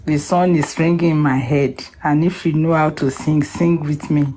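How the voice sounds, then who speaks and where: A woman's voice: sits low, steady tone, normal speed, warm tone. A woman speaking emotionally in a live audio chat room, singing a song before she talks. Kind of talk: emotional casual talk with singing.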